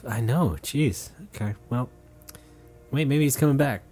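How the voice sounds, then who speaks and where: A man's voice: medium pitch, unhurried, dark tone, no room sound, soft background music. A man co-hosting a comedy podcast in casual chat, dry and sarcastic. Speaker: podcast co-host.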